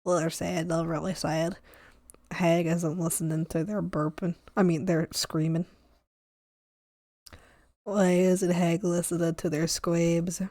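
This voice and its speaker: A young woman streaming her art, chatting playfully with viewers, silly and quick to squeal and laugh. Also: on the low side, flat delivery, warm tone, no echo. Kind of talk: casual chat with live viewers.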